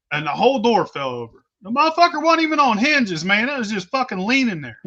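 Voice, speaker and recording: Male storyteller, high and bright-edged, profane and unpolished, muffled lo-fi sound. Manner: blunt, heavy cursing, rambling restarts. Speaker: storyteller on a talk stream. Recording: dull lo-fi recording.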